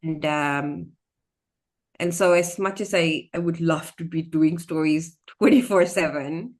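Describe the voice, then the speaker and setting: A woman's voice: low-pitched, unhurried. A woman from Singapore, a storyteller speaking animatedly as a podcast guest. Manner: animated, expressive, slips into acted voices. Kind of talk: casual interview conversation.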